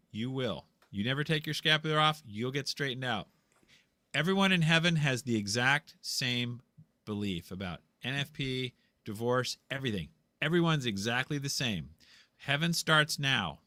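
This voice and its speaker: A man's voice: medium pitch, expressive, moderate pace, pushed and bright, no echo. A man in a casual debate, speaking bluntly and insistently in a preachy, lecturing way. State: tired after a long talk. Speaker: guest.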